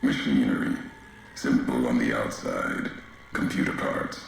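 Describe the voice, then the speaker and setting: An actor playing a grim, brooding male wanderer in a video game, speaking in slow, solemn fragments with a deep gravelly voice. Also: heavy reverb, slight background noise, exaggerated voice. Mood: accusing.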